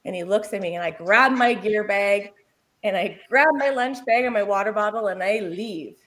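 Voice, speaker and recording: A woman in her forties, a paramedic, telling a work story in casual chat, lively and often laughing. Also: medium pitch, moderate pace.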